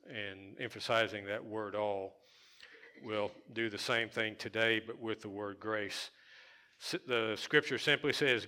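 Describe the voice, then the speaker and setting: Male pastor, lowish bright voice, talky sermon with repeats for emphasis. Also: steady tone, slow. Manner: conversational preaching with fillers and repeated emphasis.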